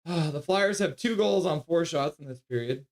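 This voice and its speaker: A man hosting a live hockey stream, calling the play, reading chat and cooing at his dog in soft baby talk. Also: a little high, animated, moderate pace. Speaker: streamer host.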